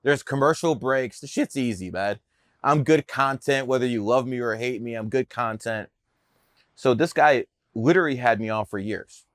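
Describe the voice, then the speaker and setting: This Cleveland-area American numerologist, appearing as a podcast guest, recounts his career in a brash, profane, bragging manner. His voice is medium-pitched at a normal speed. The dry recording has clean studio sound, and the talk is casual storytelling.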